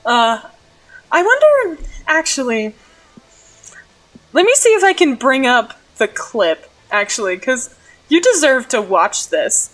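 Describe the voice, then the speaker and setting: A woman's voice: sits high, very animated, takes it slowly, pauses often, fairly bright tone, low-quality recording. A young woman streamer telling a story in a casual vlog, bubbly and giggly, with many "like" fillers. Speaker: streamer recapping a role-play game.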